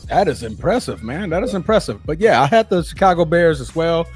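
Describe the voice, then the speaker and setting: A man from the United States co-hosting a casual football podcast, excitable and quick to laugh. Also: on the high side, faint music behind. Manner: excitable, laughs a lot, fan banter. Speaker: podcast co-host. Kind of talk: casual sports podcast chat.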